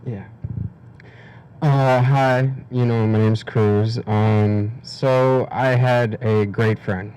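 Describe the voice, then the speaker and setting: A teenage young man giving a personal testimony at a community event, halting with many fillers and restarts, emotional and on the verge of tears. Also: fairly low pitch, fairly even intonation, darkish tone, smooth, rough recording. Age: teens. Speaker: guest speaker.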